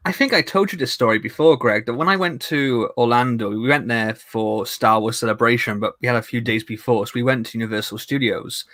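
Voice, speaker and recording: A young man with a Welsh accent talks in a bright, forward voice, rambling through a casual chat full of fillers. The sound is dry and close, with no room around it. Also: medium pitch, a little fast, hardly any pauses, no room sound. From Wales. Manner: chatty, rambling with many fillers. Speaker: co-host.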